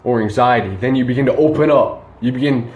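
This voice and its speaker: A man's voice: mid-range voice, fairly quick, a little mellow, reverberant. A young man casually telling a night-out story and giving dating advice, rambling and slangy, full of fillers and restarts.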